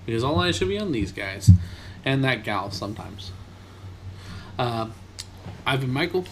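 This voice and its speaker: A man's voice: medium pitch, big pitch swings, unhurried, a little hiss or hum. A man co-hosting a casual snack-tasting podcast, talking in an easygoing, rambling way with lots of fillers. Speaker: podcast co-host. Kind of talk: casual chat.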